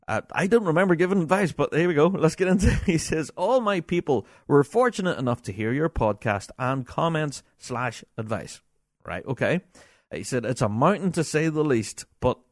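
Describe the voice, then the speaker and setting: A middle-aged man, hosting a podcast in a chatty, animated way, reading listener emails aloud and laughing often. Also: a little high, moderate pace, no room sound, studio quality. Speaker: podcast host.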